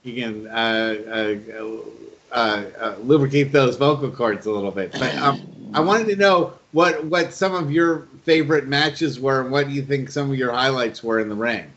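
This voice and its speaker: Male interview host, hesitant delivery, mid-pitched, dull lo-fi recording. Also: fairly even intonation, fairly bright tone, slight background noise. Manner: halting, full of fillers. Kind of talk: interview questions. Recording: lo-fi muffled audio.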